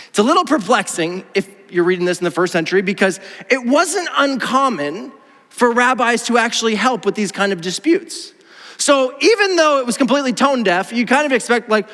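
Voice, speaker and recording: A man preaching a sermon as pastor, animated and playful, often slipping into quick acted voices. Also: very high voice. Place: church auditorium. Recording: echoey church hall.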